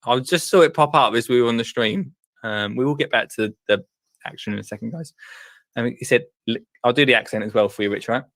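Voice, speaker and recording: Excitable guy hosting a live stream, trips over his words, dry close sound. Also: mid-range voice, brisk, no echo. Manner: excitable, breathless, full of restarts. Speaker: host.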